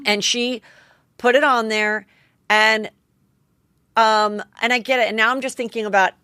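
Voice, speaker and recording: A woman's voice: fairly high pitch, steady tone, a little slow, pushed and bright, clear, resonant tone, no room sound. Forties woman gabbing on her podcast, swears a lot, does little voices for quotes, dry close sound. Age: 40s. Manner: chatty and candid, swears freely, acts out quotes. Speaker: podcast host. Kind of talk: solo gossip podcast monologue.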